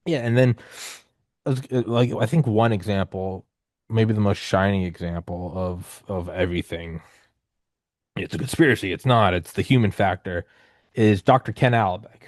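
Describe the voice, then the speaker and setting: A man in his thirties hosting a podcast, telling stories in a loose, rambling, animated way with casual swearing. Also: low-pitched, no echo, studio quality. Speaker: podcast host. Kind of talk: casual conversational storytelling.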